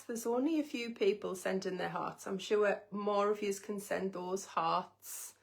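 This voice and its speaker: A woman's voice: medium pitch, unhurried, creaky, hardly any pauses. A woman giving a live spiritual reading, talking in an emotive, intimate way and speaking straight to the viewer. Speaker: psychic reader on a livestream.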